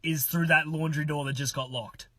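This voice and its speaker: Aussie bloke telling a mad story, bright voice, bit high, swears a lot, does all the voices. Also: male voice, normal speed, dry recording. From Australia. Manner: animated, swearing, laughing, acting out other people's lines. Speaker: mystery guest telling a story. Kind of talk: casual storytelling among friends.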